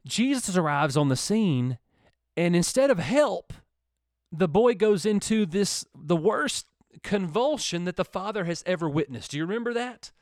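Animated high-pitched male preacher. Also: normal speed, no room sound, studio quality. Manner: animated, building emphasis with repeated words. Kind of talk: sermon. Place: church or studio program.

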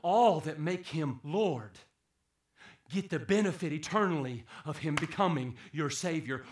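A man preaching a sermon, swinging from hushed, low passages to loud, emphatic peaks. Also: lively intonation, a little slow, reverberant. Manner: dramatic swings from hushed to shouting.

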